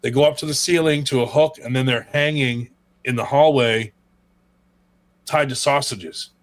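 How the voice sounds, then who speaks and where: A man's voice: mid-range voice, normal speed. Male co-host, crude rambling humor, casual stream chat.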